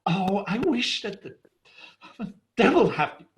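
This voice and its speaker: Storyteller voicing grumpy old farmer, curses and flares up, lively swings. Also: male voice, high-pitched, unhurried, pitched above the performer's own voice. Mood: exasperated. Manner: cursing, exasperated.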